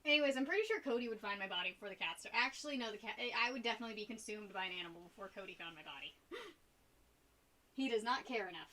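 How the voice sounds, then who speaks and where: A woman's voice: mid-range voice, animated, racing, bright, forceful tone. A young woman chatting casually on a live stream while she paints, rambling and giggling between topics. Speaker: art streamer.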